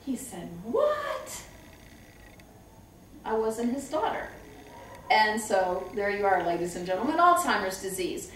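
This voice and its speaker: A middle-aged woman who trains staff at a memory care home, telling lively stories and acting out the voices of people she quotes. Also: medium pitch, normal speed, a little hiss or hum. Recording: echoey room, far from the mic.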